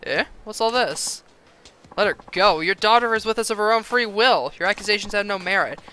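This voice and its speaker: A man's voice: high voice, fairly quick, sharp tone, smooth. A man voicing a sanctimonious male cult member who speaks in a stiff, pompous, condescending manner, reading game dialogue aloud.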